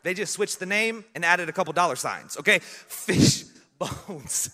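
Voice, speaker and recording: A man's voice: high-pitched, measured pace, in a large hall. A young adult man preaching, telling humorous stories and laughing along with them. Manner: humorous, animated, laughs at his own stories. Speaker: pastor. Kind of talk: storytelling sermon.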